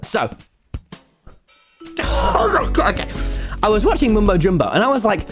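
Excitable British streamer, lively voice. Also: male voice, sits high, a little slow, long pauses, faint music behind. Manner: excitable, swears, shouts at the game, chatters to a pet spider. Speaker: streamer playing a block-building game. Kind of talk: casual live-stream chatter.

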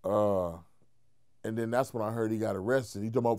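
A man, a comedian, telling an animated, profane story in an interview, mimicking the people he quotes. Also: fairly quick, clear, resonant tone, dry recording, studio quality. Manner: profane, acts out quotes in high voices, laughs while telling.

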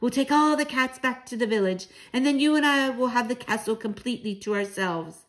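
Fervently, a woman reads the part of a fierce old grandmother who hunts witches, giving her commanding, emphatic speech. She talks fairly quickly with a fairly bright, fairly high voice pitched above her own yet close to an everyday voice.

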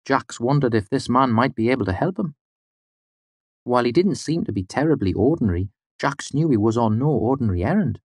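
Man reading a fairy tale audiobook, slow rhythmic storytelling, dry close mic. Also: mid-range voice, expressive, darkish tone, dry recording. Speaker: audiobook narrator. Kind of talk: scripted fairy-tale narration.

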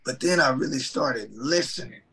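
A man sharing a personal faith testimony in an animated, folksy, self-mocking way. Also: medium pitch, moderate pace, breathy edge, low-quality recording.

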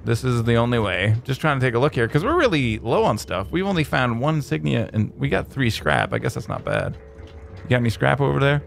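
A man hosting a let's play, giving excitable, jokey gameplay commentary that jumps to high exclamations. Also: brisk, gravelly, a little hiss or hum.

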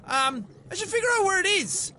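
A man giving casual, excitable commentary while playing a video game, swearing freely and yelping when startled. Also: very high-pitched, brisk, slight background noise. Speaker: let's play gamer.

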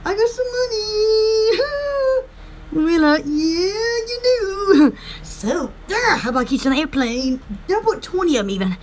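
A woman's voice: extremely high pitch, very animated, normal speed, background noise. A woman chatting in a rambling, goofy live stream at home, giggling often. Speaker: vlogger.

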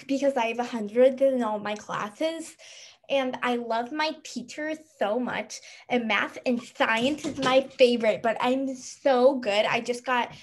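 A woman playing a proud nerdy schoolgirl who talks in an earnest, gushing way. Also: high voice.

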